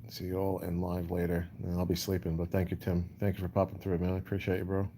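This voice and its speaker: A man talks loosely to his livestream chat, answering comments one by one. His voice is low and dark, with little rise and fall. A faint background hum sits under the talk. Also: monotone, fast talker. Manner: rambling, repeats "you know", answers chat comments. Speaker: livestream host.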